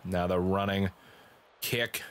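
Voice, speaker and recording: A man calls a wrestling video game in a playful mock-broadcaster style, trading banter with his partner. His voice sits on the low side, and his delivery is casual and joking. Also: fairly even intonation, slow, a little hiss or hum. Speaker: play-by-play commentator.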